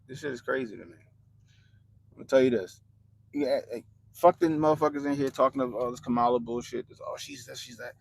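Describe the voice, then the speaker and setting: A young man hosting a livestream, ranting bluntly and profanely about politics to his chat in animated slang. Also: medium pitch, brisk, gravelly, pauses often, low-quality recording. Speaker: livestream host.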